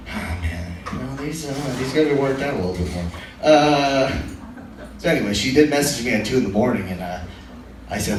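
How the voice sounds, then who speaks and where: A man's voice: mid-range voice, animated, brisk. A young man doing a casual, profane, self-deprecating stand-up set in a small comedy room. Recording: very echoey room, voice from far off, faint noise.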